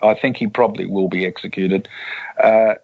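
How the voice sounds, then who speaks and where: A man's voice: low-pitched, fairly even intonation, normal speed, vocal fry, narrow, tinny audio. Rambling Australian man telling anecdotes. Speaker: author and journalist. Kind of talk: casual interview.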